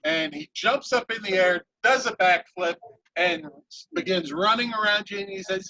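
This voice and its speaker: A man narrating a tabletop game as game master, in a playful, animated way. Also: sits high, normal speed, dry recording, poor audio.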